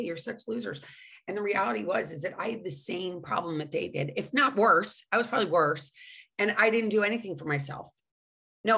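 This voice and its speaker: A middle-aged woman with a slightly low voice tells her own story in a candid monologue. She talks frankly and with feeling, swears now and then, and pokes fun at herself. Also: a bit bright. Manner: frank and emotional, with swearing and self-mockery; says she cannot sing. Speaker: recovering alcoholic sharing her story.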